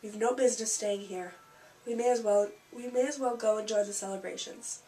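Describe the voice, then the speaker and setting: A woman's voice: mid-range voice, soft background music, lightly acted. A woman reading as a wry old wizard. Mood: calm. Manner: calm, dry and unhurried. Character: old male wizard headmaster, calm and wry. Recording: slightly distant mic with faint hiss.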